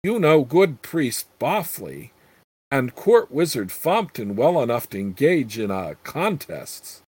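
A man's voice: medium pitch, very animated, slow pace, darkish tone, breathy edge, no room sound, exaggerated voice. A man voicing a cautious, earnest young male thief.

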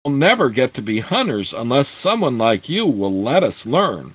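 A man's voice: mid-range voice, very animated, normal speed, husky, no echo, poor audio. A man reading aloud voices a tall, earnest apprentice boy who speaks plainly. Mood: confessing.

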